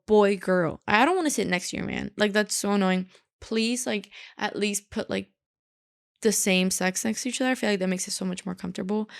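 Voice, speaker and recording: A young woman hosting a solo podcast, ranting in a sassy, animated way with lots of filler "like". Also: medium pitch, vocal fry. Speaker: podcast host.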